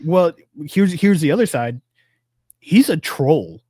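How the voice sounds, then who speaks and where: A man's voice: animated, slow, a little mellow, husky, no room sound, studio quality. A man co-hosting a podcast, chatting loosely and profanely and rambling about politics. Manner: loose, rambling, profane, acts out quotes in a high voice. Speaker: podcast co-host. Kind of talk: casual political chat.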